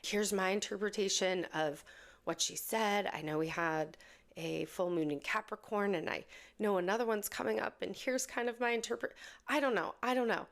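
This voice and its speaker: A woman's voice: mid-range voice, normal speed. A woman hosting a podcast, chatting heartfelt and casually as she opens an episode. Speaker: podcast host.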